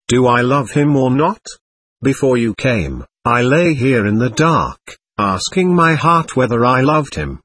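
Volatile, proud young woman; male reader doing her, husky, dry studio sound. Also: medium pitch, a bit bright, no echo, full character voice. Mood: tender. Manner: mood swings between tenderness and scorn.

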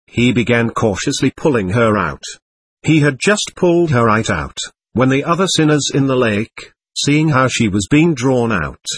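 A man narrating a classic novel as an audiobook with expressive storytelling, on a close mic. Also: mid-range voice, husky, dry recording.

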